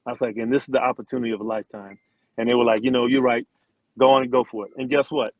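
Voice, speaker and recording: A middle-aged man spins a long tale, slipping into the voices of the people he quotes and restarting his sentences as he goes. His pitch is mid and his sound is dry and close. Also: rapid-fire, dry recording, muffled recording. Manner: animated storyteller, acts out quotes, frequent restarts. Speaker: interview guest, former football player and singer. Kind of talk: casual storytelling interview.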